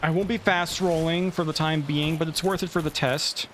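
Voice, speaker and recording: A man's voice: a little high, fairly even intonation, normal speed, background noise. A man giving casual let's play commentary, thinking aloud and cursing when the game goes badly.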